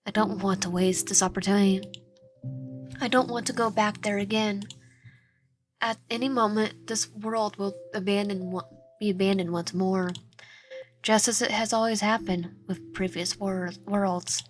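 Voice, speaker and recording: A woman reading the lines of a drunk, despairing young male god in a slightly lower, hushed voice that keeps slipping into whispers. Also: steady tone, measured pace, close to an everyday voice. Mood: fearful. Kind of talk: reading a game character's lines aloud.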